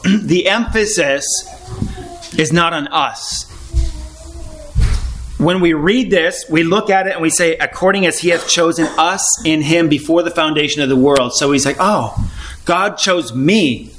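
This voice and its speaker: A man's voice: on the high side, pushed and bright. A man giving an informal Bible teaching, earnest and repetitive, asking rhetorical questions. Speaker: preacher.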